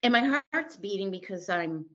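A woman's voice: mid-range voice, animated, normal speed, lo-fi sound. A middle-aged woman telling her own recovery story as an interview guest, candid and blunt, acting out past conversations and swearing freely.

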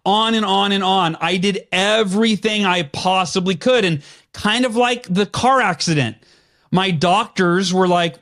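A man speaking as a guest in an interview, telling a personal story earnestly and with firm conviction, clearing his throat now and then. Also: sits high, unhurried, a bit bright. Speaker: podcast guest.

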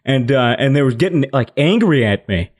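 A man's voice: mid-range voice, sing-song, fairly quick. A young man bluntly telling his side of a drunken night out, swearing and stumbling over restarts. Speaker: podcast co-host telling a story. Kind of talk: casual storytelling chat.

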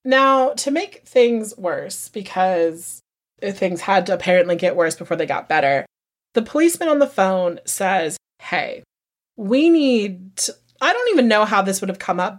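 A woman hosts a casual true-crime podcast, telling the story with heated, profane emphasis. Her voice sits at a middle pitch for a woman. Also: animated, moderate pace. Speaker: podcast host.

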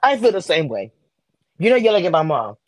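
Husky excitable woman hosting a reaction chat. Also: lowish voice, normal speed, no room sound. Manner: excitable, interrupts, cries hold on and wait. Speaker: show host.

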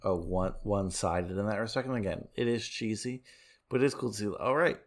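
A young man co-hosting a casual film review chat, relaxed and joking. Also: on the low side, moderate pace. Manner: relaxed, joking, filler-heavy. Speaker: podcast co-host.

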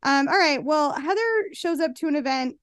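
A woman co-hosts a podcast recapping a reality show, chatting casually and sarcastically and often acting out quotes. Her voice sits high, with lively intonation and a moderate pace. The audio is studio quality with no echo.

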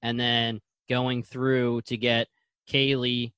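A man's voice: mid-range voice, monotone, slow pace, a bit bright, clean tone, no room sound. A man on a casual podcast, thinking aloud and speculating about plot moves, with "you know" fillers. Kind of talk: casual discussion of a TV episode.

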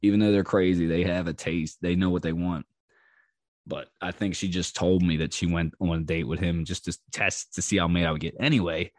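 A man's voice: deep voice, steady tone, brisk, no echo, clean studio sound. A man hosting a podcast, telling a personal story in a blunt, profane way, laughing often and acting out what was said. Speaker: podcast host.

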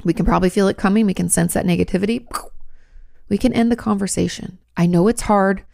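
A woman's voice: medium pitch, steady tone, quick pace, creaky, dark tone, no room sound, clean studio sound. A woman therapist giving direct, reassuring advice in answer to viewers' questions. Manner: direct and reassuring, coaching the listener.

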